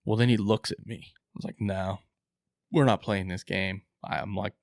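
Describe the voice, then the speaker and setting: Low gravelly man telling a wild story. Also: normal speed, no echo, studio quality. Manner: animated, swears casually, acts out his own quotes. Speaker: podcast co-host telling a hunting story. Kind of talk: excited casual storytelling.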